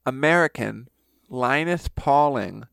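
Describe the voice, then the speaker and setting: A man's voice: medium pitch, animated, takes it slowly, vocal fry, a bit bright, clean tone, no room sound. A man co-hosting a comedy podcast, telling a history story with lots of laughter. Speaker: podcast co-host. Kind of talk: joking history chat.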